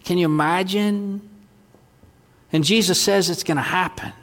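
A pastor preaching a sermon, swinging between loud proclaiming and hushed near-whispers. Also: male voice, sits high, fairly even intonation, measured pace. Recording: long reverb of a large hall.

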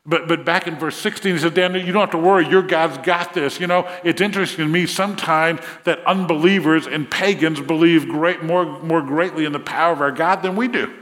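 A man's voice: on the high side, steady tone, a little fast, hardly any pauses, fairly bright tone, in a large hall. A man preaching a sermon, retelling a Bible story and acting out the king's words with rising emphasis. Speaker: pastor.

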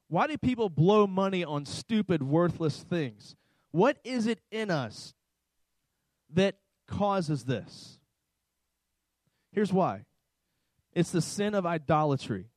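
A pastor preaches emphatically, driving home each point by saying it twice. His voice sits high for a man. The sound is dry and close. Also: no room sound, rough recording. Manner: emphatic preaching, repeats key lines. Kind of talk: sermon. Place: church service with slides.

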